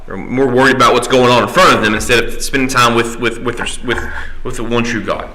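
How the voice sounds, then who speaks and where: A man teaching an adult Sunday school class in a church classroom. He checks in with the class by asking "right?" and slows down when he reads scripture aloud. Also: mid-range voice, fairly even intonation, pushed and bright, a little hiss or hum, low-quality recording. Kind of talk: conversational Bible class teaching.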